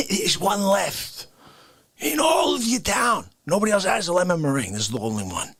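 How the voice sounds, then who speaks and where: A man hosting an unscripted comedy livestream, ranting with wild swings between whispers and shouts and frequent laughter. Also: high voice, big pitch swings, moderate pace, husky. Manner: wildly swinging delivery, dropping to whispers and bursting into shouts, laughing.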